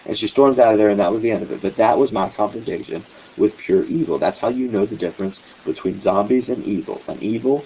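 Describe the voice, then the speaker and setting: A man with a fairly low voice hosts a talk show, telling a story with animated indignation. The sound is thin and phone-like, with faint hiss underneath. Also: fast. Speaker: host.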